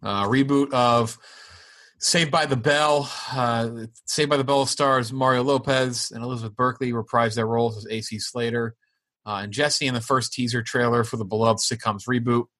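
A man of ordinary pitch hosts a casual podcast, reading entertainment news items and an ad read in a relaxed way. He laughs easily and drifts into chat about the stories between items. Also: normal speed.

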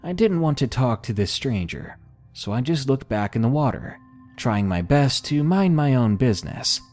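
A man narrating a scary story in slow, expressive storytelling. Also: medium pitch, faint music behind. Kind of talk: scripted horror story narration.

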